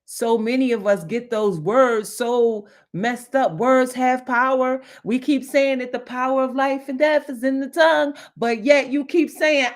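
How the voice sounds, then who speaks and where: Middle-aged lady doing a motivational livestream, kinda high voice, slow and emphatic, repeats herself a lot. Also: fairly even intonation. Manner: emphatic, repeats phrases for effect. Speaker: livestream host.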